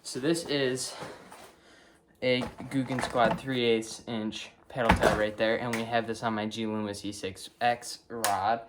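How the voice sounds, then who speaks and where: A man's voice: mid-range voice, level tone, unhurried, very noisy. A young man with a Wisconsin accent, talking casually through his gear in a vlog, filling gaps with lots of ums and okays. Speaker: fishing vlogger. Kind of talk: casual show-and-tell vlog.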